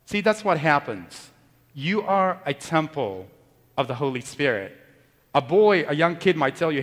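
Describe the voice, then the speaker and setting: A male priest delivers a sermon in a loose, conversational way, teasing the congregation as he goes. His voice sits a little high, and it rings with the long reverb of a church. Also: very animated, normal speed, a bit bright.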